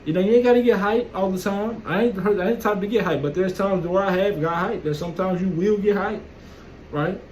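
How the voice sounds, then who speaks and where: High-voiced man, blunt and profane monologue, faint background noise. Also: fairly quick, darkish tone, low-quality recording. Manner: blunt, profane, streetwise storytelling. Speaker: vlogger. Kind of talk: casual monologue.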